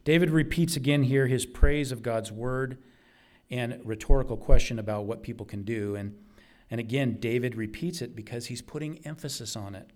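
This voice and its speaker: A man's voice: mid-range voice, normal speed, a little mellow. A man preaching a sermon, earnest and emphatic, repeating key phrases for weight.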